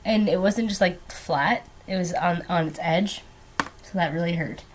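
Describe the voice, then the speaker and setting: Doing her makeup at home, a young woman talks at a measured pace in a fairly low voice, with slight hiss or hum on the recording. This beauty vlogger's casual chat is hesitant and wandering, packed with ums and asides that trail off.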